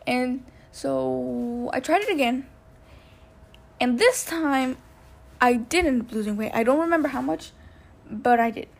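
A young woman with a slightly high voice hosts a casual podcast, telling a personal story in a loose, rambling way. She fills her sentences with "like" and briefly acts out what people said. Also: animated, a little slow, gravelly, long pauses. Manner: rambling, heavy use of "like", acts out quotes. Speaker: podcast host.

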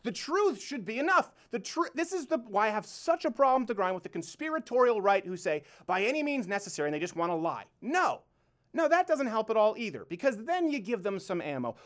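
Male show host, heated monologue, very lively swooping pitch, keeps firing rhetorical questions. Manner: emphatic, repeats rhetorical questions. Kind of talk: closing monologue rant.

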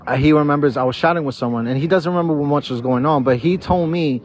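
Young adult man, slightly higher-pitched, tipsy and slurring, profane digressive storyteller; dull lo-fi sound. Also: fast, a little hiss or hum. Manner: profane, digressive, talks straight to viewers. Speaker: vlogger. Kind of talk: rambling personal storytelling. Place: outdoors in a park.

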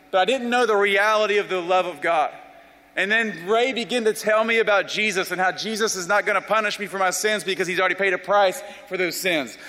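Man, young adult, animated testimony storyteller, sharp voice, long hall reverb. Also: high-pitched. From South Carolina, US. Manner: animated, self-deprecating storyteller. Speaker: speaker giving a personal testimony.

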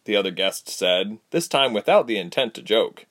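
A man narrating a storybook, reading with lively character voices. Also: fairly low pitch, normal speed, hardly any pauses. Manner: very animated, expressive delivery. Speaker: audiobook narrator.

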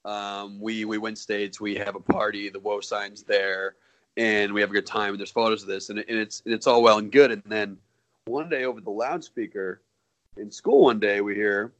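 A man's voice: fairly low pitch, fairly even intonation, moderate pace, a bit bright, no room sound, low-quality recording. A man co-hosting a podcast, telling a story casually with loose phrasing and frequent restarts. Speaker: podcast co-host.

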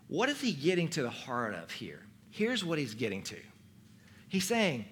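A male teaching pastor preaching a sermon, acting out the quoted voices with dramatic swings from loud to quiet. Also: fairly high pitch, very animated, moderate pace, slight background noise. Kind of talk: expository sermon.

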